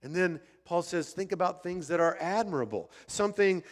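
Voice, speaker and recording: An older male pastor delivers his sermon like a conversation, animated and prone to restarting his thoughts. His voice sits a little higher than most men's. The sound rings with long reverb from a large church hall. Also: normal speed. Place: church sanctuary.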